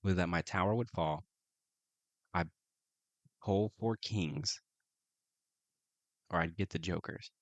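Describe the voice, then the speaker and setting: A man playing a solo folk-horror tabletop game, reading the prompts aloud and reacting with excited exclamations. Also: sits low, takes it slowly, long pauses, no echo. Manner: excitable, keeps saying oh my goodness. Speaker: solo tabletop RPG player.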